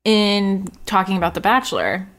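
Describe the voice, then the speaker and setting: A woman's voice: mid-range voice, sing-song, normal speed, fairly bright tone. Woman, young adult, podcast co-host, musing, restarts, casual.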